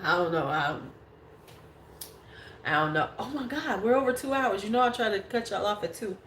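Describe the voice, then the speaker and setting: A woman's voice: mid-range voice, animated, normal speed, a bit bright, a little hiss or hum. A woman in her forties hosting a beauty livestream, chatting casually and bluntly with viewers and swearing freely. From United States. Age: 40s. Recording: echoey room.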